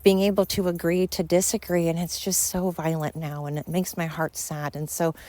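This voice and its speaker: Earnest, low-voiced woman podcaster rambling. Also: level tone, moderate pace, a little mellow, no room sound. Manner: earnest, rambling, emphatic with many fillers. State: slightly winded. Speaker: podcast host. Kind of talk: casual monologue.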